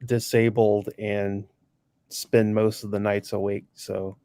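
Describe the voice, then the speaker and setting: A man's voice: on the low side, little pitch movement, slow, mellow, dry recording. A man from Ohio with a general American accent, chatting casually in a matter-of-fact, dry way. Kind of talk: casual chat.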